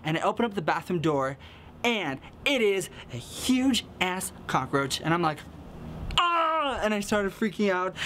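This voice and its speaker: A young man from the American Midwest, excitable and giggly, telling a casual storytime vlog full of fillers. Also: on the high side, slight background noise. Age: young adult. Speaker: vlogger.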